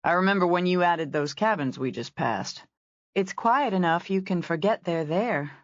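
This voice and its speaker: A woman reader voicing a laid-back male ranch hand who talks in an unhurried, teasing drawl. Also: fairly low pitch, expressive, no echo, highs cut off, close to an everyday voice. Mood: easygoing.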